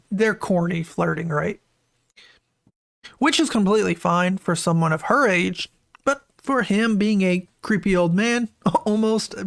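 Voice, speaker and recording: A man hosting a casual online commentary, talking through screenshots in a chatty way and often checking in with "right?", with disgusted, incredulous asides. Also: high-pitched. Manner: chatty, keeps asking "right?".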